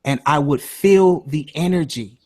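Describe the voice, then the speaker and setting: A man's voice: on the high side, unhurried, mellow. A man hosting a casual call-in talk show, speaking emotionally and swearing freely. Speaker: host.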